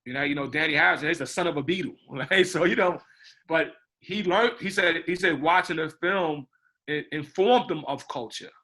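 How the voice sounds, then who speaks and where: A man speaks as a film director in a loose, rambling interview, circling back and repeating himself. His voice is bright and sits fairly high. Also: moderate pace. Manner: rambling, repeats words, says "you know what I mean". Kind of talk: casual interview talk.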